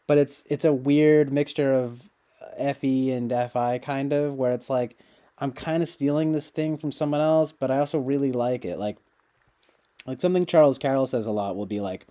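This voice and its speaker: Talking to his livestream audience at a normal speed, this man has a medium-pitched, mellow voice. His chat meanders, full of fillers and restarts.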